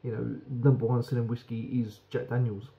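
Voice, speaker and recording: A man's voice: mid-range voice, level tone, a little fast, creaky, highs cut off. A British man giving a frank, rambling beer review that swears casually.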